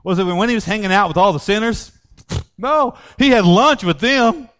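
Animated high-voiced male preacher. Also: normal speed. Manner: animated preaching, swinging from loud outbursts to low quiet asides. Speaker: pastor. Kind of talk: sermon.

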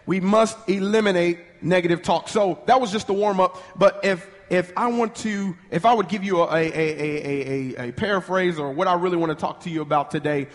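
A man preaches a sermon with fervent energy, leading the congregation in call-and-response and talking in rapid bursts with restarts. His voice is high-pitched and trails a long reverb.

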